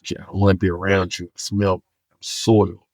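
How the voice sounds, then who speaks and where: Podcast guest, man; animated storyteller who acts out the dialogue, low voice. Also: normal speed, no echo. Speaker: guest, homelessness outreach worker.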